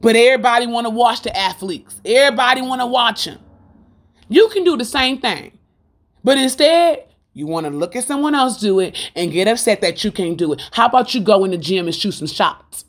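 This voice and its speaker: A woman's voice: a little high, animated, brisk. A woman giving an informal Christian sermon in a fervent, rhythmic style. She repeats lines for emphasis and puts rhetorical questions straight to her listeners. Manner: fervent, preachy, rhythmic and repetitive. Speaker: Christian speaker.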